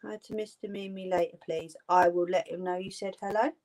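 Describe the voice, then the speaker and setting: A woman's voice: fairly low pitch, fairly even intonation, fairly quick, darkish tone. Chatty woman live-streaming to viewers. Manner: chatty, reads out viewer comments, affectionate. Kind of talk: casual chat with live viewers.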